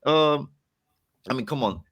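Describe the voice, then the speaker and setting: A man's voice: a little slow, breathy edge. A young man from the Czech Republic with a Czech accent, chatting casually as a podcast guest and laughing often. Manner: animated, laughs often, swings between excited and low. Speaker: guest wrestler.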